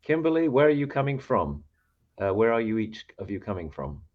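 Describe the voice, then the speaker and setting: A man co-hosting a podcast, reading out listener comments in a halting way with many fillers. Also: on the low side, very animated, phone-quality sound. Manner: halting, reads names out with fillers. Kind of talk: casual chat.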